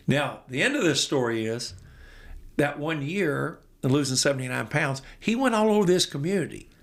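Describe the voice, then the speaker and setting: A man in his sixties, a basketball coach, telling animated stories as a podcast guest and getting amped up as he goes. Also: on the high side, moderate pace. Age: 60s. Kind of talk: storytelling in an interview.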